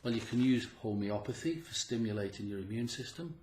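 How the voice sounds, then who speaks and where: A man's voice: medium pitch, lively intonation, a little fast, darkish tone, a little hiss or hum. Earnest man in an echoey room. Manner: earnest, repetitive, stammers on restarts, acts out inner voices. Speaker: herbalist presenter. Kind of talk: direct-to-camera health talk.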